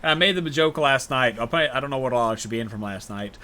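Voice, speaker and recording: A man's voice: medium pitch, lively intonation, rapid-fire, bright, forceful tone. A man co-hosting a casual gaming podcast, rambling through a game's story and acting out characters' lines as jokes. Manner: rambling game recaps with joking acted-out quotes. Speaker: podcast co-host.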